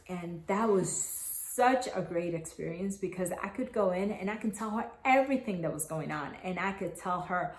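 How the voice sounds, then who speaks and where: A woman in her thirties telling her own story to camera, earnest and halting, with many restarts. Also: lowish voice. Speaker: mother sharing her postpartum story. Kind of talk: personal testimonial to camera. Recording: echoey room.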